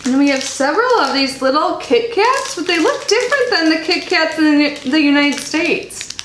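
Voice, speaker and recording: A subscription box reviewer chats casually in an unboxing vlog from her Florida home, reading snack labels aloud and talking as she chews. Her high, fairly bright voice swings widely in pitch at a normal pace. The room is echoey, with faint background noise.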